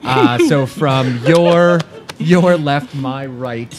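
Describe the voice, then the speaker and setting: A man's voice: a little high, drawn-out words, music in the background. A man hosting a casual podcast, telling stories and joking, laughing often as he talks. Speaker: podcast host.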